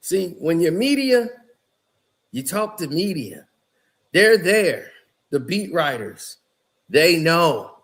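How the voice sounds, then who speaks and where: A man's voice: fairly high pitch, big pitch swings, takes it slowly, pauses often, fairly bright tone. A man giving casual, rambling basketball commentary, telling the story in a loose way with lots of "you know" and "like".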